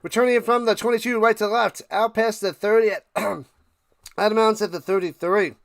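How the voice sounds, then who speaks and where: A man hosting a live stream, mixing casual play-by-play of a football game with chat to viewers, getting loud on big plays and now and then coughing and clearing his throat. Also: high-pitched, steady tone, brisk, no room sound, clean studio sound.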